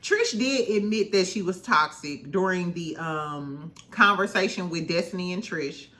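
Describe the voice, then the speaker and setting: A woman's voice: on the low side, unhurried, pushed and bright. A woman recapping a reality show in casual chat, candid and swearing freely, laughing often.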